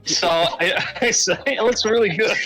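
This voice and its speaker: A man joining a casual podcast chat with quick joking asides. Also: high-pitched, sharp tone, faint music behind. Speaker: podcast co-host. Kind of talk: casual conversation.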